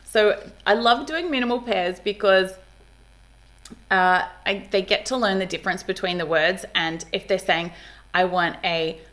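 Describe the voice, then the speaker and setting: Upbeat and animated, a woman who works as a speech pathologist talks to parents on camera, modelling speech sounds as she explains. Her voice sits in the mid-range and she speaks at a normal speed.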